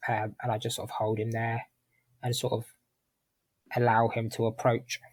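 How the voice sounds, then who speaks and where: A man playing in a tabletop game, describing his character in a measured, unhurried way. His voice is mid-pitched and sounds dry and close. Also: completely flat delivery, no echo, poor audio. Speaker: player. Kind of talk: casual tabletop game play.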